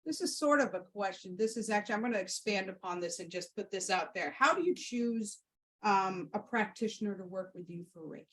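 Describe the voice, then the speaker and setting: A woman Reiki practitioner tells stories and answers listener questions, her voice sitting at a middle pitch. She talks casually and heartfelt, looping back on herself with fillers and restarts as she goes. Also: expressive, brisk, rough recording. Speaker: Reiki practitioner and podcast host. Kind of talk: casual storytelling and Q&A.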